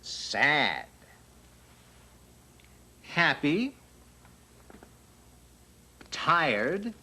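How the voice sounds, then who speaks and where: High, lively man calling out words. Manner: brisk, calling out words one by one. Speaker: interviewer in a language course recording. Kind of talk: scripted course dialogue.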